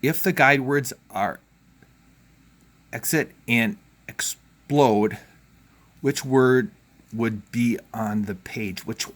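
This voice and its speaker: Teaching a home learning video, a man talks children through the exercises casually and encouragingly, thinking out loud. He draws out his words at a medium pitch and leaves long pauses.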